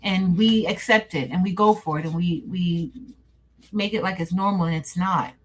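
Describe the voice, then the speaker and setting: A woman's voice: fairly low pitch, fairly even intonation, normal speed, a little hiss or hum, poor audio. A woman hosting a casual livestream, chatting with her viewers, calling them "y'all" and laughing often. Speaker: livestream host.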